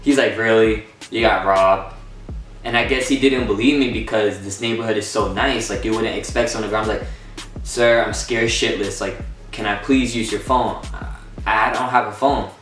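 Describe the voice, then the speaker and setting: A young man telling a personal story in a casual storytime vlog, excited, swearing and acting out what people said. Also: lowish voice, moderate pace, soft background music. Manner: excited, swearing, acts out quotes. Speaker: vlogger. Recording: roomy echo from far off.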